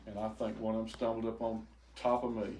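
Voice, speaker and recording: An older man telling an emotional personal testimony to a group, halting and repeating words as he goes. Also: lowish voice, little pitch movement, a crowd in the background. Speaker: speaker giving a testimony. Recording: echoey room, faint noise.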